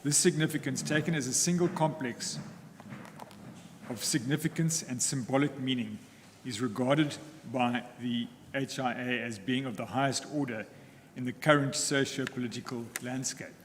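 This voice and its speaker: A man, arguing as counsel in court in a formal, deliberate way with frequent pauses. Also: medium pitch. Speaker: counsel for the applicants. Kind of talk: formal legal argument in court. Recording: echoey courtroom with faint ambient noise.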